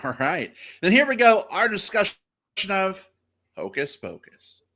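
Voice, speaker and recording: Male host, higher pitch, lively swooping intonation, upbeat live-stream energy. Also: unhurried, a little hiss or hum. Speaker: podcast host. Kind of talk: live podcast hosting.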